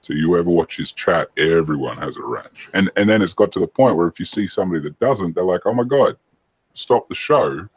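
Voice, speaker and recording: A man's voice: sits low, quick pace, hardly any pauses, husky, no room sound. A man, chatting casually on a podcast in a rambling, hesitant way that keeps correcting itself.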